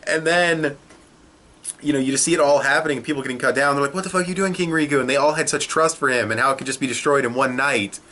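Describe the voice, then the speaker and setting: A man's voice: mid-range voice, fairly even intonation, fast talker, pushed and bright. A young man giving a casual, rambling video review, peppered with swearing and fillers. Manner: rambling and profane, with many fillers. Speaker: anime episode reviewer.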